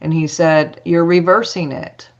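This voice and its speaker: A woman's voice: deep voice, fairly even intonation, unhurried, dull audio. A woman telling a personal story as a podcast guest, chatty, acting out dialogue with lots of fillers.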